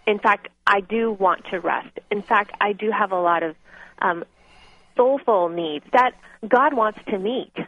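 A woman's voice: medium pitch, unhurried, no echo. Woman author calling in, candid heartfelt storytelling, tinny phone line sound. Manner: earnest, candid personal storytelling. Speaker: guest author. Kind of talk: phone interview.

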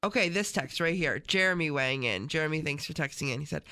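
A man's voice: fairly high pitch, fast talker, pushed and bright. A man hosting a radio show, teasing his co-host and reading listener texts. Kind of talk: casual morning show banter.

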